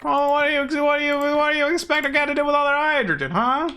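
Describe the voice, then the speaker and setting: A man's voice: extremely high pitch, fast talker, bright, forceful tone, voice pushed up. A man voicing a wisecracking Italian cartoon cat who fires off indignant, heckling questions.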